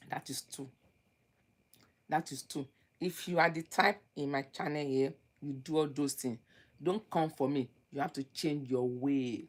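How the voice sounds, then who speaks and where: A woman giving relationship advice in an emphatic, preachy way, repeating her points and swinging between loud outbursts and low muttering. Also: breathy edge. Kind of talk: lecturing advice monologue.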